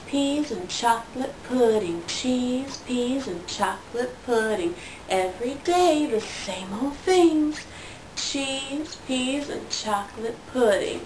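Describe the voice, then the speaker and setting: A woman reading a picture book aloud to her toddler in a slow, sing-song storytelling voice. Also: high-pitched, a little mellow, far from the mic. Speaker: parent reading to her child. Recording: roomy sound from away from the mic, faint noise.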